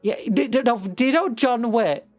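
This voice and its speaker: A young British woman streaming a game, rambling through an animated story retelling with casual asides. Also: a little high, moderate pace, dry recording, faint music behind. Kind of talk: casual chat while playing a game.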